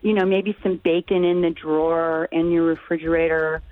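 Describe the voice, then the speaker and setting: Low-voiced woman over a phone line. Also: flat delivery, normal speed. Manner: practical, chatty with you know fillers. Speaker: cookbook author. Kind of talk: radio interview.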